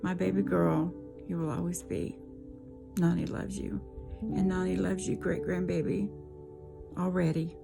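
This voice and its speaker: A woman's voice: on the low side, level tone, a little slow, creaky, long pauses, over music. An older woman, a great-grandmother, recording a tender video message to her granddaughter and the coming baby, trying not to cry. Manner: tender, holding back tears, prayerful.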